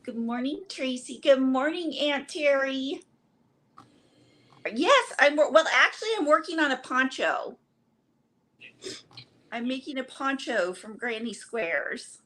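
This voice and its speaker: A woman's voice: sits high, animated, slow, pauses often, pushed and bright, a little hiss or hum. A woman co-hosting a casual crochet livestream, cheerfully greeting viewers by name and chatting about her projects.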